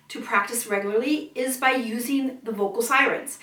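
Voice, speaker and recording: A woman's voice: a little high, moderate pace, sharp tone, reverberant, recorded from a distance. A woman vocal coach teaching a singing lesson, breaking into siren sounds and sung notes to demonstrate.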